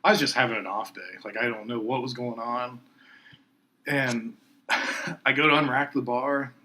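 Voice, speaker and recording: A man's voice: medium pitch, steady tone, moderate pace, pushed and bright. A man hosting a podcast, chatting casually and laughing as he retells gym stories. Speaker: podcast host. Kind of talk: casual chat.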